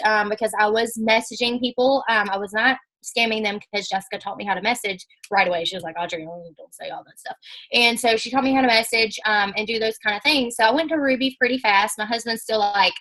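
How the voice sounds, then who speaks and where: A young woman with a somewhat high voice tells her story to a business audience. She talks in a chatty, animated way and acts out the lines people said to her. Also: fairly quick, poor audio. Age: young adult. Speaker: network marketing speaker. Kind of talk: casual storytelling talk.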